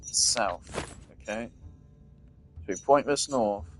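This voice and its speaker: A man's voice: lowish voice, slow pace, faint music behind. A man giving let's play commentary over a game, swearing freely and ranting in exasperation. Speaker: gameplay commentator.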